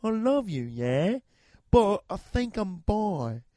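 A man doing a put-on British accent as a tender, soft-spoken rock singer, talking slowly. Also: high-pitched, very animated, dry recording, clean studio sound, heavily acted.

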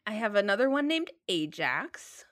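A woman's voice: mid-range voice, sing-song, normal speed, a bit bright, no echo, clean studio sound. A woman, a mother of three, hosting a casual chat and reacting with gasps and laughs. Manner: reactive, gasping and laughing along.

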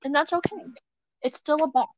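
In a rough recording, a young woman with a high-pitched, brisk voice chats casually as a podcast co-host from her bed at home. She rambles, giggles, and corrects herself as she goes.

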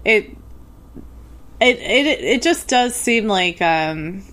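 Woman, podcast co-host, mid pitch; loose, filler-heavy casual talk, quick to laugh. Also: lively intonation, a bit bright. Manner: chatty, full of fillers, laughs often. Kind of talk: casual late-night chat.

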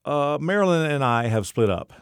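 A man's voice: a little high, very animated, normal speed, smooth, dry recording, studio quality, voice pushed up. A man reading the lines of a scheming bartender in his forties, conspiratorial and hesitant.

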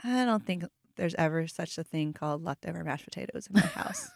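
Young female podcast co-host, quick jokey delivery, mid pitch, dry close sound. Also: animated, gravelly, a little mellow, dry recording. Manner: quick, joking, fills talk with "like". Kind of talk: casual chat.

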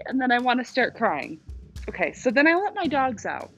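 A woman's voice: on the high side, very animated, normal speed, pushed and bright, lo-fi sound, soft background music. Angry, swearing young woman ranting. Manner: angry, profane, sarcastic. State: in pain from cramps. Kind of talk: ranting monologue to camera.

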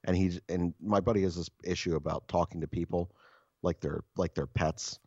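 A man's voice: sits low, steady tone, moderate pace, a little mellow, husky, no room sound, lo-fi sound. A man casually telling a long anecdote, swearing freely and restarting his sentences often. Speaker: storyteller.

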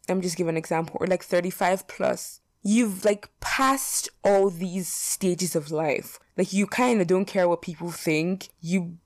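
A young woman talks through would-you-rather picks in a loose, chatty way, full of fillers and blunt opinions with the odd swear. Her voice sits a bit low for a woman. The sound is dry and close, with no room echo. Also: darkish tone. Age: young adult. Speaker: vlogger.

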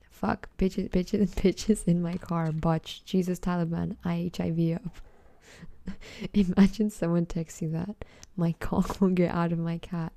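A teenage girl hosts a casual solo podcast, reading texts aloud in a giggly, blunt manner and swearing freely. Her voice is low-ish, creaky, and warm, with no echo.

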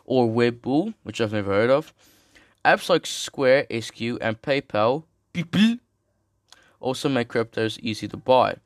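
A man's voice: mid-range voice, measured pace, dry recording. Young man, slangy, jokey asides, stumbles over words, dry close sound. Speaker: streamer reading an article. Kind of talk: casual reading with commentary.

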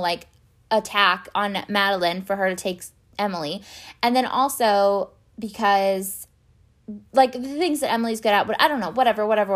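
A young woman ranting casually in a show recap, exasperated and sarcastic, swearing often and filling her talk with "like". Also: on the high side. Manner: exasperated, sarcastic, swears a lot, many fillers.

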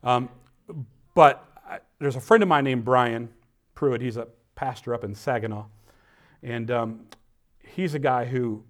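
A man preaching a sermon with lively emphasis, dropping to quiet asides and reading scripture slowly. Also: mid-range voice. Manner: animated preaching, swinging between loud emphasis and quiet asides. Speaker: pastor.

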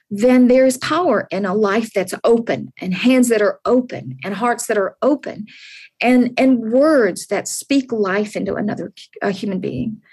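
A woman in her sixties, appearing as a podcast guest, gives heartfelt interview answers in an earnest, encouraging way, frequently repeating herself. Her medium-pitched voice has a darkish, slightly rough tone.

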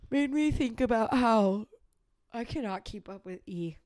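A woman's voice: fairly high pitch, animated, a little slow, a little mellow, no room sound. A young adult woman co-hosting a casual podcast, chiming in with short reactions and reading things aloud. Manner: reacts with short interjections, reads aloud from phone. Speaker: podcast co-host. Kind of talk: casual chat.

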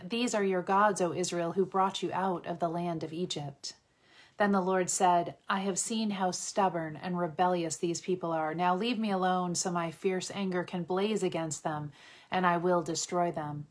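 Woman reading bible passage, kinda low voice, calm and steady. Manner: steady measured reading, voicing quotes lightly. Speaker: Bible reader. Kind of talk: scripture reading.

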